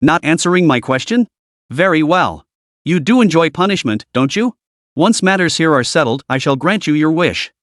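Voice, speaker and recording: Man doing a domineering female sect leader, jealous, cold, sneering, lively pitch, dry sound. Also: normal speed, dry recording.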